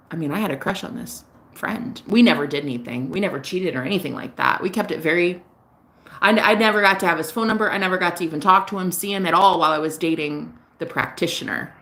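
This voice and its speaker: A woman who works as a psychic reader, telling a personal story in a casual vlog, candid and lively, swearing now and then. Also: on the low side, fairly quick. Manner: animated, candid, swears, laughs often.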